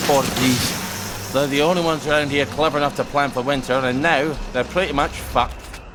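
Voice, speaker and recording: A man's voice: mid-range voice, steady tone, moderate pace, heavy background noise, lightly acted. An actor voicing a glum, blunt townsman in a video game. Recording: game audio over loud music.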